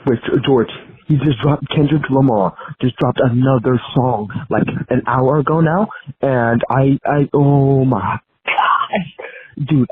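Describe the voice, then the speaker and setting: A man leaving an excited, breathless voicemail rant. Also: medium pitch, slightly rough. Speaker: caller. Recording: tinny phone voicemail.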